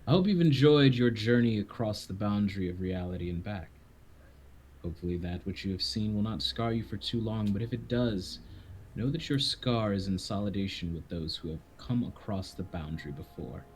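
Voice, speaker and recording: Sinister keeper figure, theatrical and ominous, low voice, put on by a man. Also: lively intonation, normal speed, a little mellow, slight background noise, close to an everyday voice. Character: sinister keeper of a haunted evening, male.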